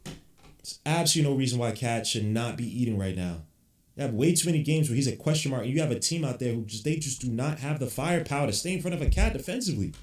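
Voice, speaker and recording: A man's voice: mid-range voice, expressive, fast talker, a little mellow. A man hosting a basketball podcast, reacting live to a game with blunt, frustrated, cursing rants. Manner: blunt, frustrated fan ranting, swears casually. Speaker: podcast host. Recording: roomy echo.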